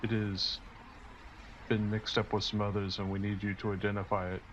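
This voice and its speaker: A man doing a smooth-talking male agent who fakes a courier errand in a dead monotone, his low voice barely moving up or down over a dull, lo-fi voice chat line. He keeps a stiff, polite delivery as he spins his cover story. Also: normal speed, slight background noise, lightly acted. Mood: politely deceptive.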